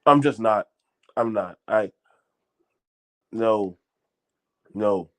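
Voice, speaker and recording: Drawing out his words in a lowish, fairly bright voice, this middle-aged channel host speaks directly to his viewers off the cuff. He's blunt and profane, often repeating words and restarting his lines.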